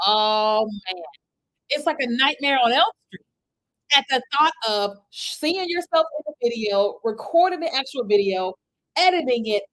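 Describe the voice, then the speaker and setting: This woman's high-pitched voice comes through a computer webcam in low quality as she coaches content creation on a chatty livestream. Animated and itchy from an allergy, she keeps asking viewers for replies, tossing in "right?" and "okay?" often.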